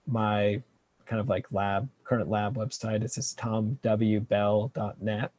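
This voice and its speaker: A man, a researcher, answering interview questions in a relaxed, hesitant way with many fillers and restarts. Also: fairly low pitch, slow. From California. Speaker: kelp researcher guest.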